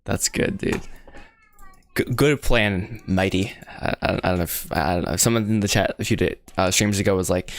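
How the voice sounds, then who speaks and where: A young American man talks through his animation work on a livestream, rambling excitably and poking fun at himself while he sounds out mouth shapes. His voice sits a little low. The sound is dry and close, with no room echo. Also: normal speed. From United States. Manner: rambling, self-mocking, excitable, says bro and guys a lot.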